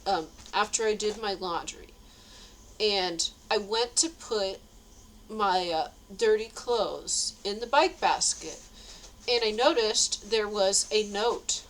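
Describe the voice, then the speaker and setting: A woman's voice: mid-range voice, a bit bright, poor audio. A woman telling a rambling story in a casual vlog, with frequent nervous laughs. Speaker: vlogger.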